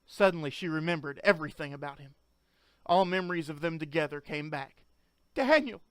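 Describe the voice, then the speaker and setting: A man's voice: a little high, fairly even intonation, fairly quick, smooth, no echo, studio quality. A man narrating a story as an audiobook, reading earnestly and shifting into each character's voice.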